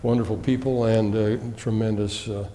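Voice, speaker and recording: A man's voice: on the low side, steady tone, normal speed, a crowd in the background. A man conducting an oral history interview, chatty and hesitant with many fillers. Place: library room with long reverb. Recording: reverberant hall.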